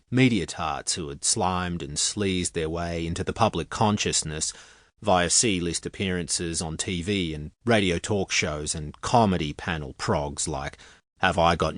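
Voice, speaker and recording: A man's voice: low voice, no echo. A man narrating a novel in the first person, with a wry, conversational storytelling manner, close on the mic. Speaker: audiobook narrator.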